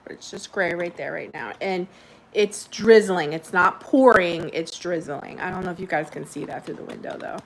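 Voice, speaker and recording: A livestream host talks casually with her viewers from home near a window, reading out comments and laughing a lot. She speaks at a moderate pace in a lowish voice, over slight background noise on a rough recording.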